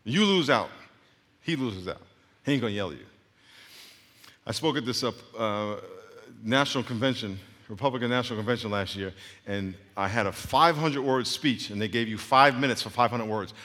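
Brief: a lively middle-aged male preacher who tells stories and swings between loud and soft, in a big reverberant hall. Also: medium pitch, brisk, long pauses. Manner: animated, swinging between loud bursts and quiet asides, laughing often. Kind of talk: sermon with anecdotes. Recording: long reverb of a large hall.

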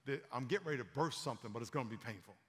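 A man's voice: medium pitch, animated, racing, pitched below the performer's own voice, lightly acted. A man preaching in his own voice, briefly speaking as God, who gives wry, teasing warnings in a sermon. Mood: earnest. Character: God, a male deity, gently stern and wry. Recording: long hall reverb.

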